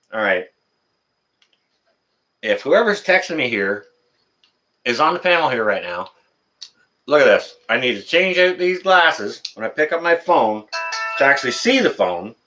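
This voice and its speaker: A man's voice: fairly high pitch, sharp tone. A middle-aged man, hosting a casual live stream, reading the chat and answering viewers by name in a folksy, teasing way.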